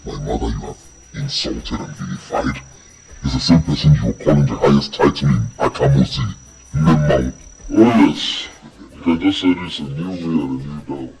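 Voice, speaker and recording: An actor playing a smug, ambitious young prince who gloats in a sing-song way. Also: male voice, very deep voice, normal speed, creaky, darkish tone, slight background noise. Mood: gloating. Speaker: film actor. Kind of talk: film drama acting. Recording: echoey room, mic far off, music behind.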